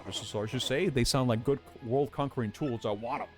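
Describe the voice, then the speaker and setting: A man voicing a blustering, hot-tempered turtle king villain who shouts and bosses his servants around. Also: mid-range voice, a little fast, over music, close to an everyday voice. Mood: grumpy. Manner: shouting, indignant and bossy.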